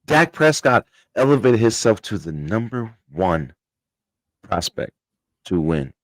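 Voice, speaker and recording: A man's voice: on the low side, big pitch swings, takes it slowly, dry recording. A man co-hosting a casual sports podcast, gloating and mocking the rival team's fans in loose slang. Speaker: podcast co-host.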